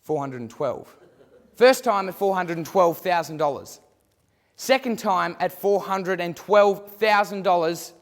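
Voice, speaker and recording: A man's voice: high-pitched, unhurried. A man calling bids in a theatrical mock auction, repeating his prompts to the crowd. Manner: theatrical, repetitive bid calling. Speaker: student auctioneer. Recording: long hall reverb.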